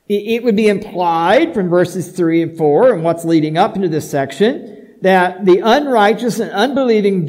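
A high-voiced male pastor preaches, pressing his points with rhetorical questions and moving from soft asides to loud, emphatic declarations. The audio quality is poor.

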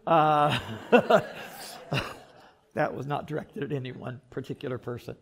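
High voiced pastor guy preaching, animated, lots of restarts and little jokes. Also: a little slow, gravelly. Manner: animated, repeats words, joking asides. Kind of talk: sermon.

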